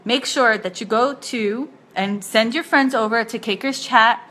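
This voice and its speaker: A young woman hosting a casual live-stream chat, gushing and excitable, laughing often. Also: on the high side, a little slow. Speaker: host.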